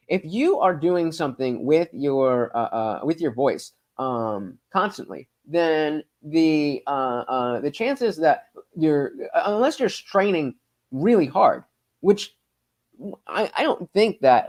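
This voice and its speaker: A man's voice: a little high, animated, measured pace. A man hosting a casual livestream, reading chat and rambling profanely with lots of stammered fillers. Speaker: streamer host reading live chat.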